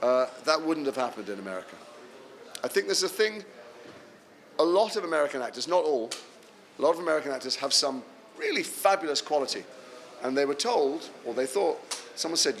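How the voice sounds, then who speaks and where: An English man, an actor answering fan questions at a convention panel, telling animated, self-deprecating stories. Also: a little high, brisk, long pauses, slight background noise. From England. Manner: animated anecdotal storytelling, self-deprecating humour.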